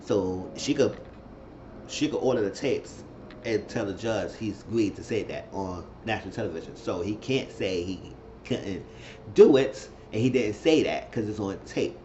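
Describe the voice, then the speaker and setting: A man's voice: lowish voice, moderate pace, dark tone, a little hiss or hum. Casual male recap vlogger, talky and repetitive, dull home mic sound. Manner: chatty, repeats himself, acts out quotes in shifting voices.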